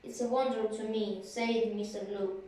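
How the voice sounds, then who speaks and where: A woman reading a story aloud in a steady, plain way. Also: medium pitch, normal speed. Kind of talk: classroom read-aloud. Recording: echoey room from far off.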